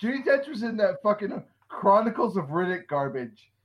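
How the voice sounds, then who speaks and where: A man's voice: sits high, sing-song, moderate pace, noisy background. A man in casual chat, trading crude jokes and blunt banter.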